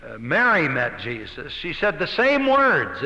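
A man's voice: a little high, very animated, a little slow, bright, forceful tone, in a large hall, dull audio. A man preaching an expository sermon, earnest and emphatic, stressing key words as he goes.

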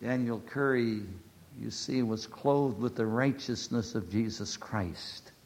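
A male preacher giving a sermon and telling a story, swinging between loud declarations and hushed, near-whispered lines. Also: mid-range voice, slow.

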